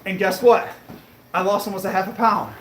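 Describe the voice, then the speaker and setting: A man livestreaming while on a treadmill, chatting casually and answering viewer comments, a bit breathy as he talks between breaths. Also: high voice, fairly even intonation, fairly quick, echoey room, a little hiss or hum, low-quality recording. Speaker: fitness livestreamer.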